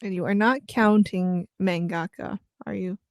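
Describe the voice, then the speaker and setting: A woman's voice: mid-range voice, steady tone, measured pace, no room sound, studio quality. A woman co-hosting a podcast, hesitant and wry in casual chat. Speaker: podcast co-host.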